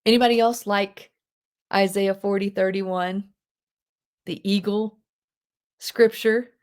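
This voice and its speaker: A woman teaching a live online English class, chatty and expressive, with unhurried explanations. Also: mid-range voice. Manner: chatty, expressive, reads lines aloud dramatically. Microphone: video call.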